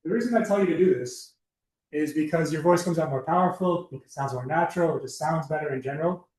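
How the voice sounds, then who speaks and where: Speaking fast in a higher-than-average voice with a darkish tone, a young man delivers a casual talk to a student club. It's loose and rambling, packed with fillers and side remarks, and the room echoes.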